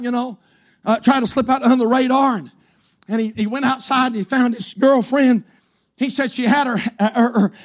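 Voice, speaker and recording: A male pastor preaching a fiery revival sermon, shouting his points and dropping to a hushed voice for stories. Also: very high voice. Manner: shouting, swinging from loud to hushed storytelling.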